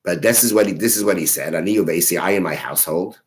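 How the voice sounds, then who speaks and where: Deep-voiced man teaching a Mishnah lesson. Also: quick pace, hardly any pauses, low-quality recording. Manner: reads Hebrew phrases then translates line by line, with frequent restarts. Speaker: teacher of a daily Mishnah class. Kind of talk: religious text study lesson.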